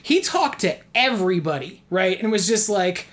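Laughing, animated storytelling man. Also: high voice, moderate pace. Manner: heavy use of "like" as filler. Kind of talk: casual storytelling chat.

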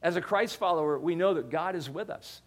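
An older male pastor preaches in a relaxed, conversational way, with a voice that sits a little higher than most men's. He tells stories and often restarts or repeats a word as he gathers his thoughts. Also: fairly quick. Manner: storytelling, conversational, with frequent restarts and repeated words. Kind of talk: sermon.

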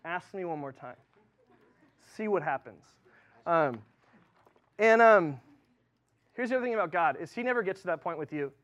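A man gives a sermon like an informal talk with friends. His voice sits fairly high for a man. He often restarts his sentences and fills the gaps with um and like. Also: expressive, moderate pace, long pauses, fairly bright tone. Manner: chatty and informal, lots of fillers and restarts. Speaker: preacher. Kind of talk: casual sermon.

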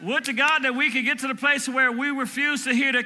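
A man in his fifties preaching a sermon from Michigan, shouting call-and-response lines and chanting repeated words. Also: very high voice, steady tone, fairly quick. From Michigan, USA. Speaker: pastor.

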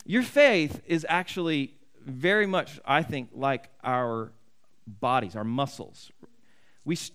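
A man preaching a sermon in a somewhat high voice. He talks in an earnest, conversational way and often restarts his sentences. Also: a bit bright, clear, resonant tone. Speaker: pastor.

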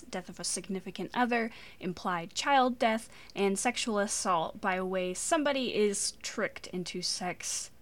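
A woman co-hosting a casual chat podcast with a bright, forceful tone. She talks expressively and bluntly and swears now and then. She is recorded on a home podcast mic. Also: medium pitch. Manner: expressive, swears when frustrated. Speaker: podcast co-host.

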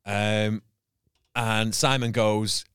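A man casually telling a sweary, animated anecdote and imitating other people's voices. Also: lowish voice, drawn-out words, smooth, dry recording, studio quality. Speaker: comedian guest. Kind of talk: casual storytelling chat.

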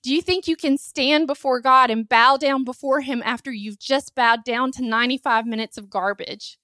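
A woman's voice: high voice, normal speed, no echo. A woman preaching a sermon, full of rhetorical questions and emphatic repetition, building to impassioned peaks. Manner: impassioned, rising to near-shouting at climaxes.

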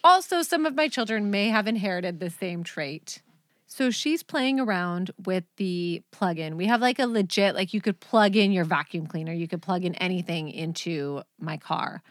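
A woman's voice: lowish voice, lively intonation, normal speed. Woman podcast host, rambly, keeps cracking up at her own story, dry room, no echo. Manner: rambling, breaks into laughter often. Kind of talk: casual chat, storytelling.

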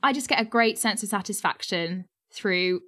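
A woman's voice: mid-range voice, moderate pace, sharp tone. A woman hosting a podcast, upbeat and chatty, laughing easily. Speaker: podcast host. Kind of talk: casual chat.

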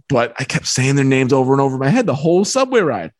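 Animated New man telling a story. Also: medium pitch, very fast. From New York. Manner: lively, acts out voices in anecdotes. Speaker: author guest.

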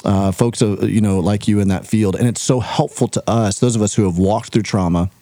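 A male podcast host thinks aloud as he leads into a question, with lots of affirming fillers. His voice is lowish, dark and warm, and it sounds close and dry. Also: steady tone, a little fast, dry recording. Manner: reflective, affirming, with many fillers. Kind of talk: conversational interviewing.

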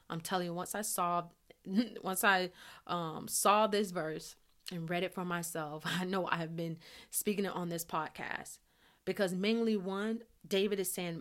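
A woman's voice: fairly low pitch, steady tone, a little slow, a bit bright. A woman hosting a devotional podcast, teaching in an earnest way and repeating phrases for emphasis. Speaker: podcast host.

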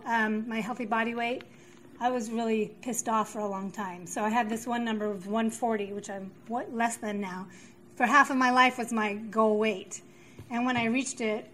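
A fairly high-voiced woman speaks at a recovery meeting, feeling her way through a personal share with frequent pauses and restarts. Faint room noise sits under her voice. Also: a bit bright, poor audio. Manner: halting, many fillers and restarts.

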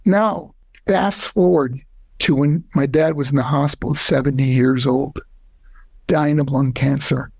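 Gravelly earnest man telling a story. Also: steady tone, measured pace, no room sound. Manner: earnest, voice rising high when moved. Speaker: guest. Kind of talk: emotional personal storytelling.

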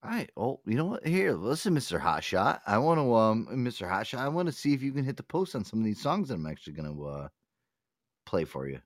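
A man's voice: medium pitch, sing-song, fast, no echo, studio quality. A man hosting a casual live talk show, joking, swearing and slipping into a mock radio DJ patter. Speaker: host.

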